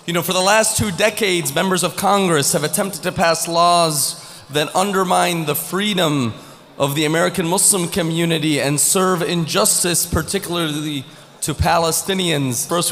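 A man's voice: a little high, fairly bright tone. A man hosting a conference, formally introducing speakers from the stage. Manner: formal, welcoming. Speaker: conference emcee. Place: large conference hall. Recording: echoey hall with faint music.

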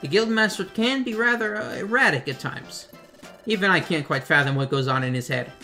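A man's voice: high voice, fairly quick, sharp tone, soft background music. A man voicing a pompous, fussy bird who is the guild's stern assistant, talking in a haughty, emphatic way.

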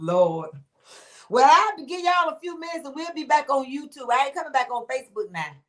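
Her high voice swings widely in pitch and moves a little fast with a bit of brightness. Hosting a laid-back livestream chat, she reads out comments from viewers, laughs a lot and addresses them as honey and baby.

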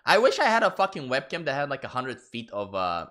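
A man's voice: mid-range voice, huge pitch swings, brisk, bright, forceful tone. A man streaming a game in casual, profane commentary, laughing and getting sidetracked. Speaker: gaming streamer.

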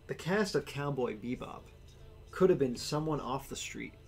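A man's voice: mid-range voice, lively intonation, normal speed, gravelly, over loud music. A man chatting casually and rambling as he draws, with lots of fillers. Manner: rambling, filler-heavy, laid-back. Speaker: artist sketching on stream. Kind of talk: casual chat while drawing.

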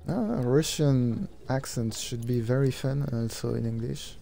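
A young man with a French accent, a native French speaker, chatting casually in English while streaming a game, halting and searching for words with many fillers. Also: medium pitch, gravelly, warm tone, faint music behind. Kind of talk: casual gameplay chat.

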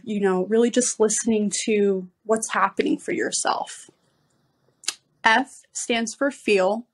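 Patient woman parenting coach. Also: medium pitch. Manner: patient, explains step by step with an acronym. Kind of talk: podcast interview.

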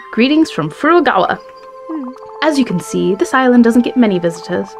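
A woman's voice: on the high side, animated, moderate pace. A woman voicing a chipper island tour guide in a put-on British accent, reading game dialogue aloud with cheery, salesy patter. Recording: faint game music behind.

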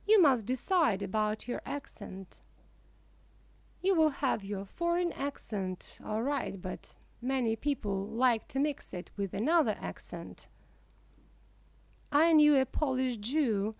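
A woman narrating a humorous audiobook for English learners, reading in a careful, even way. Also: fairly high pitch, vocal fry, no room sound.

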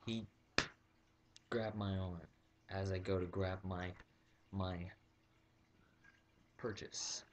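Brief: low-voiced young guy, rambling comic anecdote, plenty of ums and restarts. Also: level tone, extremely slow, pauses often. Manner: rambling, full of fillers and restarts. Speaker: vlogger. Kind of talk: comic storytelling.

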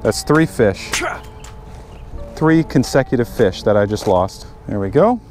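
A man's voice: medium pitch, expressive, a little slow, a little mellow, soft background music. A man talking casually to viewers while working on his car and fishing at a lake, chatty and easily frustrated. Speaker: fishing vlogger. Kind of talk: casual vlog narration. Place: outdoors by a lake.

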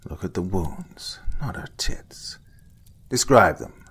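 A man playing an older, blunt forensic investigator who lectures in short, curt sentences with a husky voice. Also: low voice, very animated, slow, fairly bright tone, heavily acted. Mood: curt, lecturing. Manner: blunt, curt, lecturing, some lines whispered. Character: gruff veteran male forensic investigator, blunt.

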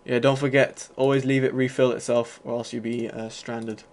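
A man's voice: medium pitch, level tone, normal speed, a little mellow. A man giving loose, rambling commentary over his own gameplay, full of fillers and the odd casual swear. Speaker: gaming video host.

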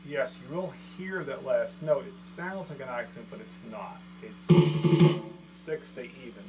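A man's voice: mid-range voice, expressive, a little slow, over loud music. A man teaching a drum lesson in a casual, joking, self-deprecating way, counting strokes aloud. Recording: noisy room with mains hum and drums.

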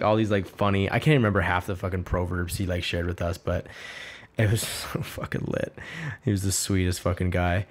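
A man's voice: sits low, fairly even intonation, a little fast. A young man hosting a let's play, telling rambling stories with heavy swearing as he plays. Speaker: gaming channel host. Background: game music.

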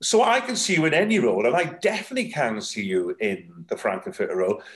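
A man's voice: medium pitch, very animated, fast talker. A man co-hosting an interview, praising his guest in long flowing sentences. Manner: warm and complimentary, talks in long flowing run-on sentences. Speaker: co-host, interviewer. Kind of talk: casual interview chat.

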